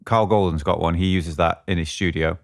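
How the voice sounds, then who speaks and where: A man's voice: low voice, fairly even intonation, fairly quick, creaky. A man co-hosting a podcast, chatting casually about guitar gear and often thinking aloud as he searches for words. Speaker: podcast co-host.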